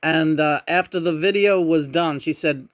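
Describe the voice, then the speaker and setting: A woman giving a casual tarot reading in a musing, meandering way, often humming softly between thoughts. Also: sits low, normal speed, no room sound, studio quality. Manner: meandering, musing, with frequent murmured hums. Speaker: tarot reader.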